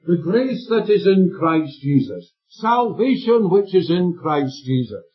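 A man's voice: high-pitched, animated, unhurried. A man preaching a sermon with an emphatic delivery, checking in with his listeners through questions. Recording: dull lo-fi recording with faint music.

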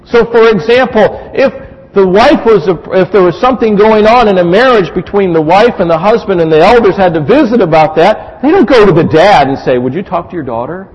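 A man's voice: high-pitched, a little fast, breathy edge. A man preaching a sermon as pastor, telling stories animatedly and acting out voices, in a church hall. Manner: animated storytelling, acts out voices. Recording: dull recording with long hall reverb.

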